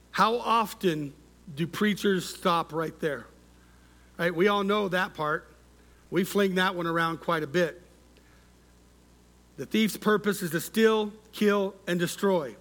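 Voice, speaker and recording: A high-pitched male preacher gives a sermon built around call-and-response with the congregation, letting each phrase fade to a soft, quiet finish.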